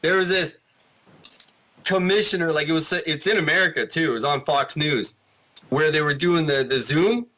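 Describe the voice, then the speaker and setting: Rambling, animated podcast guest man. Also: on the high side, moderate pace, poor audio. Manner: rambling, animated storytelling with many restarts. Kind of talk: casual podcast chat.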